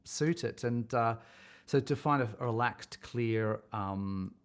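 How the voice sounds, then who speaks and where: Slow and clean in tone, this middle-aged man's medium-pitched voice carries a rambling, reflective podcast interview in which he frequently starts over. He is a casting director and acting coach appearing as a guest.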